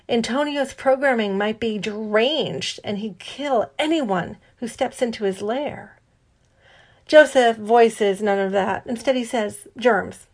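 A woman narrating a novel in a measured, wry storytelling manner. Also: on the high side. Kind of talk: audiobook narration.

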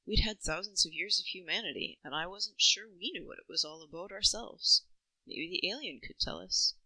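Bright-voiced woman reading a story. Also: lowish voice, moderate pace, dry recording, poor audio. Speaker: narrator. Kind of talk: first-person story reading.

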